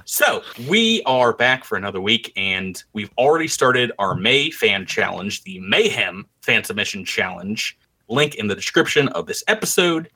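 A man hosting a tabletop game podcast as game master, playful and quick to laugh. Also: on the low side, slightly rough. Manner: playful, laughs often, animated intros.

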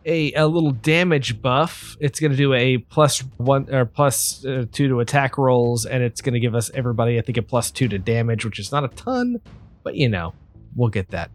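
A man's voice: mid-range voice, lively intonation, moderate pace. A man playing a tabletop game, thinking aloud through his turn in a casual way. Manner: thinking aloud, hesitant with fillers. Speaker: player.

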